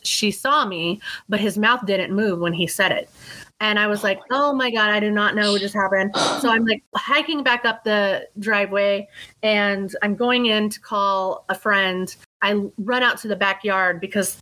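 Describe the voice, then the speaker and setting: A young adult woman, a guest on a talk podcast, telling a story in an animated way, acting out her own quotes and swearing casually. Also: medium pitch, normal speed, poor audio. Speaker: psychic life coach, guest.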